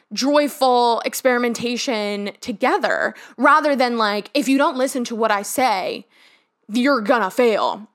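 A woman's voice: on the high side, fairly bright tone. A young woman hosting her own podcast, talking earnestly and rambling a bit, with lots of "like" fillers, recorded in her bedroom. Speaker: podcast host. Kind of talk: casual solo podcast monologue. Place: childhood bedroom.

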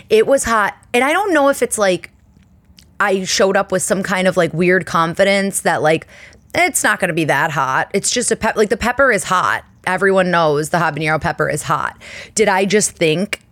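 A woman in her thirties hosting a podcast, telling stories in a chatty, self-deprecating, animated way. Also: on the low side, dry recording. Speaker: podcast host. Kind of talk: casual chat.

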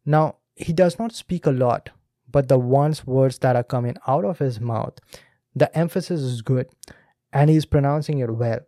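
In a warm, medium-pitched voice at normal speed, a podcast host and speaking coach from India talks his audience through a video clip. His manner is teacherly and direct, and the studio-quality recording has no echo.

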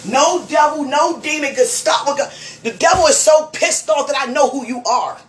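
A woman's voice: sits high, normal speed. Fervent woman preaching a spiritual message. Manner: fervent, preaching, repeats phrases. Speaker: person giving a spiritual message. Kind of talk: emotional spiritual monologue to one listener.

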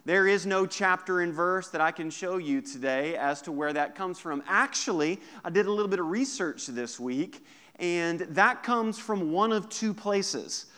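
A man preaching a sermon as pastor to his congregation, lively and joking with the listeners. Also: fairly high pitch, smooth. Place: church service.

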